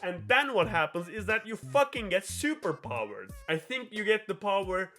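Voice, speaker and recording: A man's voice: high-pitched, very animated, moderate pace, pushed and bright, faint music behind. A young man hosting a show, retelling a game plot in a rambling, profane, giggly way. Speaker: host.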